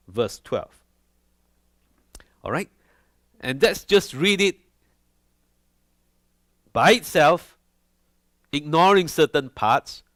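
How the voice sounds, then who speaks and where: Male pastor, lively and slow-paced sermon delivery, dry close sound. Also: on the high side, no echo. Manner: animated, asks the congregation questions. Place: church.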